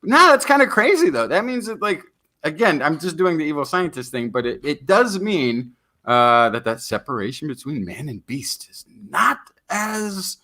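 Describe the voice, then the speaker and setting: A man co-hosts a science podcast and riffs playfully on ideas with jokey asides. His pitch swings widely, and his tone is bright and forward. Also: big pitch swings, normal speed. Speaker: podcast co-host. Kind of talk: casual science chat.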